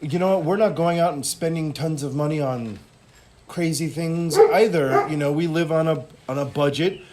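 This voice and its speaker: A young adult man in a casual interview, speaking in an easygoing, measured way with many "you know" fillers. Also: fairly high pitch, heavy background noise. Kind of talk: casual conversation.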